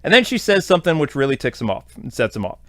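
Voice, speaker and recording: A man's voice: mid-range voice, sing-song, fast talker, pushed and bright, dry recording, studio quality. A man hosting a podcast, giving a casual, rambling episode recap full of fillers. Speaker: podcast host.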